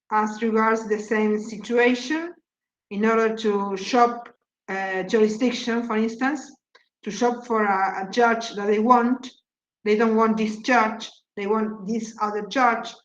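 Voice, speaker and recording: A woman from Argentina teaching an online English class, explaining vocabulary in a halting way and repeating words as she thinks. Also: fairly high pitch. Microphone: video call. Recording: echoey, dull call audio.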